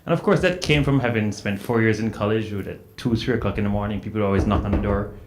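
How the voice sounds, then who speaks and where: A man from Jamaica with a Jamaican accent, telling anecdotes as a panelist, animated and full of "you know" fillers. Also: fairly low pitch, fast. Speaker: panelist author. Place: event hall at a book festival panel. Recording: roomy hall sound with faint noise.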